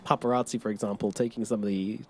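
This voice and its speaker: A man calling live esports play-by-play in a broadcast booth, reacting quickly and excitedly to the action. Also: lowish voice.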